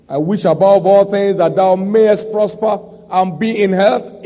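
Male preacher, high and mellow, emphatic sermon delivery, muffled recording with long reverb. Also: fairly even intonation, unhurried, few pauses. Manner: emphatic, repeats scripture lines for stress.

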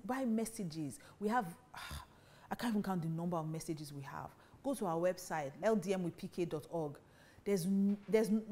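Fast-preaching woman, warm tone. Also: medium pitch. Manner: emphatic, fires rhetorical questions. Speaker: Christian marriage teacher. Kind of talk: preaching talk to women.

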